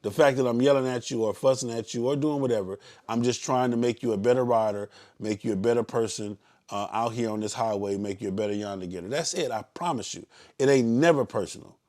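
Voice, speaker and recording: A man with a Southern US accent, leading a motorcycle club ride and briefing riders in a casual live stream. He talks bluntly and in a preachy way, and now and then bursts into loud yelling. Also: medium pitch, fast.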